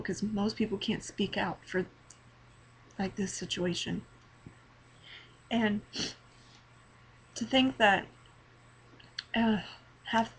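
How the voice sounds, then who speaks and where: Teen girl, vlogger; earnest, halting, close to tears, mid-pitched, faint room hiss, webcam mic. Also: poor audio. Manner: earnest, halting, repeats words. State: emotional, near tears. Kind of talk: personal testimony vlog.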